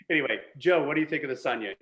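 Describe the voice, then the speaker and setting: A man's voice: mid-range voice, fairly bright tone. A man hosting a virtual wine tasting as the winemaker, joking and chatty with frequent restarts. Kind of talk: casual hosted chat.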